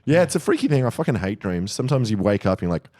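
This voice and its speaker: A man's voice: lowish voice, very animated, very fast, dark tone. A young man on a casual podcast, laid-back and joking, laughing often. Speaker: co-host.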